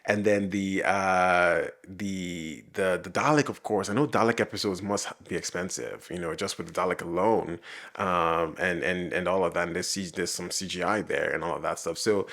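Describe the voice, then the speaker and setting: Man, low voice, casual reaction commentary, rambling, lots of ums and restarts. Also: fairly even intonation, moderate pace, creaky, a bit bright. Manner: rambling, with many fillers and restarts; laughs often while talking. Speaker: reaction video host.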